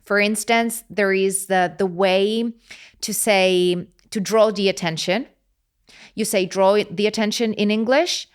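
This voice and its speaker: A woman's voice: mid-range voice, fairly even intonation, unhurried, clear, resonant tone. A young adult woman from Rome with an Italian accent, chatting expressively as an interview guest with frequent hesitations. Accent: Italian, Roman. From Rome, Italy. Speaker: polyglot content creator guest. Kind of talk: casual interview chat.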